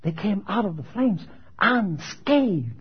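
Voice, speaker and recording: A man with a high, husky voice preaches a fervent sermon. He swings widely in pitch, asks rhetorical questions and builds to emphatic, shouted peaks. The sound is dull and lo-fi. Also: big pitch swings, takes it slowly.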